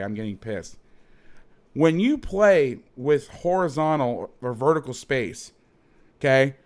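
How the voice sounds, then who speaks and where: A man at a middle, everyday pitch talks through football game film as a coach and host. His delivery is heated and blunt, full of swearing and emphatic repeats as he hammers home each point. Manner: heated, profane ranting with emphatic repetition. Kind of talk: football film breakdown commentary.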